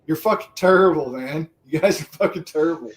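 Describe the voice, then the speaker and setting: A middle-aged, retired man chatting on a livestream, animated, profane and laughing often. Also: a little high, brisk. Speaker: livestream co-host. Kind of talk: casual stream chat.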